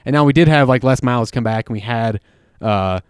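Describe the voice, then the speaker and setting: Man, podcast host, casual sports talk, rambling, smooth voice, dry sound. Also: mid-range voice, a little fast, dry recording. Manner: rambling, self-interrupting, animated.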